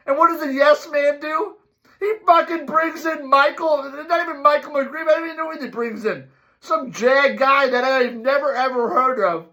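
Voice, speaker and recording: A middle-aged man hosts a fan sports show with a notably high, bright voice. He rants emphatically and keeps circling back to the same catchphrases. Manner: emphatic, repeats "my, oh, my" and "folks". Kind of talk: ranting sports commentary.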